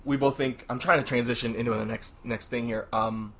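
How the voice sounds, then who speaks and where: A man's voice: medium pitch, steady tone, creaky, a bit bright, a little hiss or hum. A young man co-hosting a casual sports podcast, joking and laughing as he talks. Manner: joking, laughs often, quick asides. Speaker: podcast co-host.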